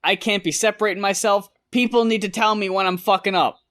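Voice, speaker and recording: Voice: medium pitch, steady tone, fairly quick, a bit bright. A podcast co-host in casual chat, talking in a dry, sarcastic and profane way.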